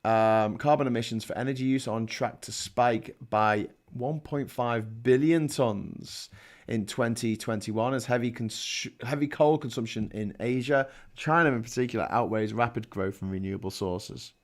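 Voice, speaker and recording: A man's voice: mid-range voice, normal speed. A man with a Scouse accent hosting a live call-in stream, chatting and reading news headlines with sarcastic asides. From Liverpool, England. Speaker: live-stream chat show host. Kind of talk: casual chat reading headlines.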